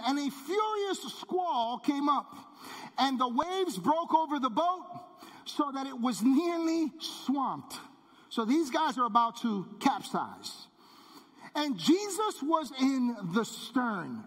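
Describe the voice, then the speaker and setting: High-voiced preacher in a reverberant hall. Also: male voice, a bit bright. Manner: emphatic preaching, repeats phrases, drops low for key words. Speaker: pastor. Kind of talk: sermon.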